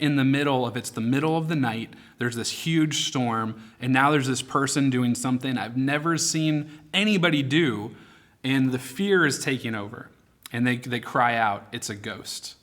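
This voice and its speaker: A man preaching an online youth sermon, retelling a scripture story in a casual, animated way with dramatic quoted lines. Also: mid-range voice, a little slow. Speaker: youth pastor. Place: online youth ministry broadcast.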